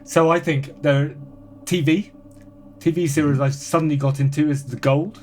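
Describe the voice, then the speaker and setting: A man appearing as a podcast guest in casual chat, reading listener comments aloud in a brisk, dry, offhand way. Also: a little high, fairly even intonation, a little hiss or hum.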